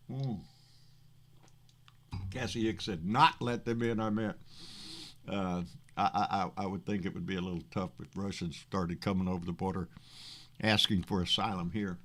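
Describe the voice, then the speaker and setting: A man with a Texan accent hosts a casual political livestream, reading chat comments aloud in a mid-range, slightly bright voice. He rambles, swears freely, and stammers over repeated words.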